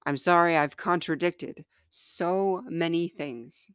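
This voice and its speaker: Woman, author reading her own confessional letters; slow, smooth, close dry sound. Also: lowish voice, fairly bright tone, no echo.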